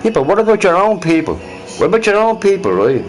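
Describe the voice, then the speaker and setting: A man's voice: high-pitched, sing-song, quick pace, soft background music. Man ranting emphatically on a livestream. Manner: emphatic, repeats his points; talks to chat viewers directly. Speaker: livestream host. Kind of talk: casual livestream rant.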